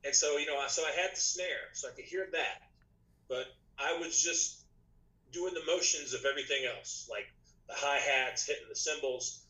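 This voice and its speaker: A man, a podcast guest and musician, telling his story in casual chat, rambling with many restarts, his voice slightly rough tonight. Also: a little high, moderate pace, bright, forceful tone, low-quality recording. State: slightly rough voice, clearing throat.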